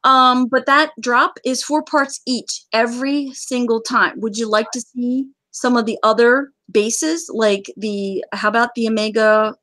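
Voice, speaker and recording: Chatty, joking woman host, fairly high voice. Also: fairly even intonation, measured pace, few pauses, fairly bright tone, no echo. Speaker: game community host. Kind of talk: casual gaming chat.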